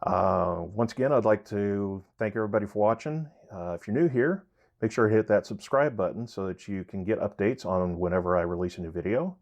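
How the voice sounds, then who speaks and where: A man hosting a woodshop channel, explaining pricing in a relaxed, rambling way with many fillers and self-corrections. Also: fairly low pitch, fairly quick. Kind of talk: casual how-to explanation.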